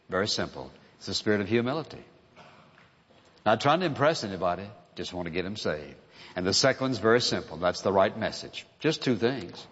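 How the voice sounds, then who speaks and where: A man's voice: medium pitch, long reverb tail, highs cut off. A man preaching a sermon in an earnest, emphatic way, driving points home with repeated phrases.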